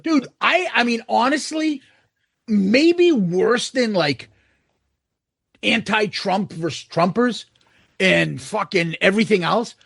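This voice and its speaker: A man with a very high voice roughened by gravelly fry, co-hosting a podcast. He talks in loose, profane, laughing chat and throws in voices of angry commenters. The sound is close and dry. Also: lively intonation, slow pace, fairly bright tone, dry recording. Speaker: podcast co-host. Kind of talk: casual chat.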